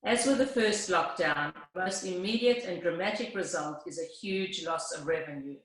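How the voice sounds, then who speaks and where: A woman's voice: fairly low pitch, moderate pace, a bit bright. A woman hosting an event, reading a formal scripted introduction of the guest speaker. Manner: formal, read-aloud delivery. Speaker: event host. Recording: heavy room echo.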